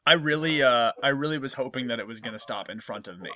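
A man's voice: medium pitch, expressive, quick pace, sharp tone, dull audio. A man hosting a podcast, trading playful trash talk while playing a board game. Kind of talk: casual game-table banter.

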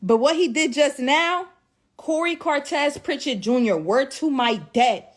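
A woman's voice: high voice, animated, unhurried. A tearful woman in a profane, repetitive vlog rant, swinging between shock and defiance after days of crying. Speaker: social media creator.

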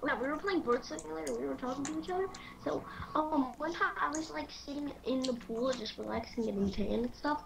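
A woman's voice: high voice, brisk, gravelly, few pauses. A woman chatting playfully and teasing her friend while playing a game. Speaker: Roblox player. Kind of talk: casual gameplay chat. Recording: noisy background.

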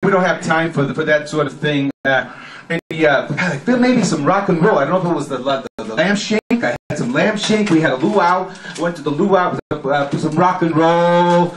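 A man's voice: on the high side, animated, lightly acted. A man playing a rambling, cranky radio host. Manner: halting and rambling, full of fillers and restarts; abrupt outbursts barking orders. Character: rambling, cranky male talk radio host, middle-aged. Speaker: comedy performer. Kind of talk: spoof talk radio monologue. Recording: echoey room with background noise.

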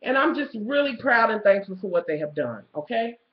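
A woman, telling a profane, animated story as a vlogger, swinging between loud outbursts and low asides. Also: brisk. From Kentucky, USA. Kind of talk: ranting storytelling. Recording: echoey lo-fi home video.

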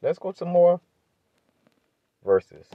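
A man teaching from the Bible in a preaching style, asking rhetorical questions and building to emphatic high-pitched points. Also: big pitch swings, takes it slowly, dry recording, narrow, tinny audio. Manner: emphatic, rises sharply in pitch when pressing a point; asks rhetorical questions, adds "right?".

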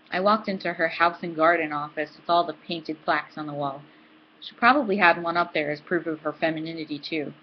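A woman hosting a book club, reading a novel aloud in a steady, dry manner. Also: low voice, lo-fi sound, a little hiss or hum.

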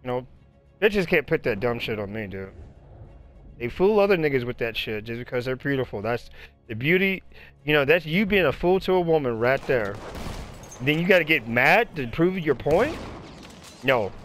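A man telling profane, animated stories in casual chat while playing a video game. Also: mid-range voice, normal speed, pauses often, soft background music. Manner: profane, animated storytelling, acts out other people's voices. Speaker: gamer chatting while playing. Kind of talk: casual chat over gameplay.

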